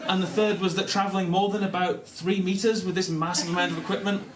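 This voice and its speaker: A young man with a softened Northern English accent tells a comic story on his own life, chuckling through it. His voice sits a touch high for a man. It is heard from a little way off in an echoey room, with a faint hum behind him. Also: level tone, fast talker, crowd noise. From Newcastle, North of England. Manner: self-deprecating, comic, laughing often through the telling. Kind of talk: live personal storytelling. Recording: echoey room, mic at a distance.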